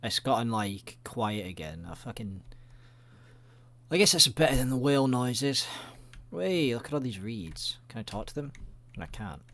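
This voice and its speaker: A man's voice: medium pitch, sing-song, moderate pace, fairly bright tone. A man giving rambling, jokey let's-play commentary, swearing often. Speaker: gaming video creator.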